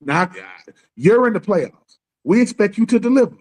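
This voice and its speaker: A man holds forth on a live sports talk stream, voice pitched high for a man. He talks loose and slangy and keeps slipping into little acted-out bits of other people's lines. The feel is a casual co-host rant. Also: expressive, moderate pace, darkish tone. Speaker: podcast co-host. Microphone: live stream call.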